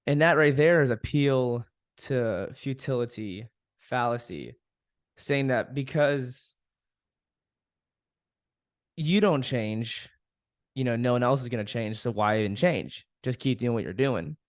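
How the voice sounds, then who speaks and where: A young man talks straight into a dry, close mic, venting about his frustrations. His voice sits at an ordinary pitch, and he swears freely while laughing at himself now and then. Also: slow pace, long pauses, no echo. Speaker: podcast host. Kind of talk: casual solo podcast monologue.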